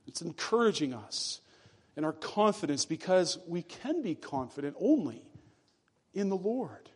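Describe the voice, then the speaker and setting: A man preaching a sermon in a fairly high voice. He is earnest and deliberate, and he slows down and sinks his voice low to press home each key phrase. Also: sing-song, slightly rough. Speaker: pastor.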